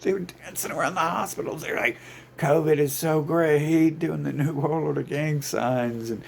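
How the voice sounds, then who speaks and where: A man's voice: on the high side, moderate pace, gravelly, a little hiss or hum. A man ranting in a rambling, profane monologue, swearing constantly and restarting his sentences. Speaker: vlogger.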